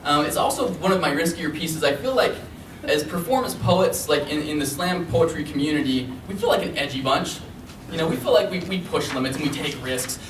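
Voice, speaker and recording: A man performs spoken word poetry in a lively, rather high voice that swings widely in pitch, with dramatic pauses. He's picked up from some distance in an echoey library room with a faint hum of ambience behind him. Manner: expressive, dramatic pauses, chuckles between pieces. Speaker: performance poet. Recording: echoey room, mic from far off.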